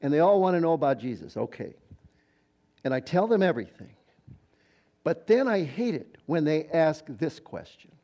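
A man's voice: fairly high pitch, very animated, moderate pace, long pauses, mellow, highs cut off. An older retired man preaching a sermon in a conversational, storytelling way. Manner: conversational storytelling preacher, quoting others in voices. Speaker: pastor.

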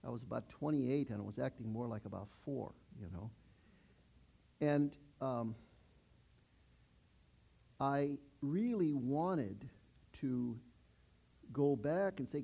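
Gravelly older man preaching casually. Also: mid-range voice, slow, pauses often, highs cut off. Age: 60s. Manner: chatty, asks the congregation questions. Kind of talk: conversational sermon.

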